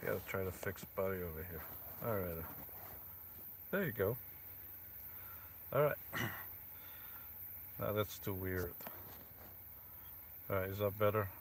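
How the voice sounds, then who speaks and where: A man live-streaming from inside his van on a rainy night, talking quietly into a phone propped close to him. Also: low voice, measured pace, long pauses, slight background noise. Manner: talks quietly, keeping his voice down. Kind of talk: casual live stream chat.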